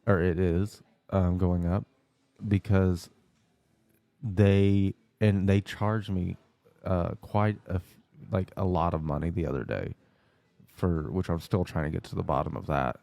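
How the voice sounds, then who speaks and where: A young man with a very low, gravelly voice tells a story on a podcast and acts out phone calls as he goes. His tone is dark and mellow. The sound is close and dry. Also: unhurried, no room sound. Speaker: podcast co-host. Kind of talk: casual chat.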